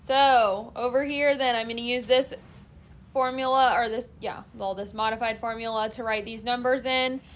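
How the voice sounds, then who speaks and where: A woman math teacher giving a classroom lecture, explaining steps in a steady, methodical way. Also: on the high side, moderate pace.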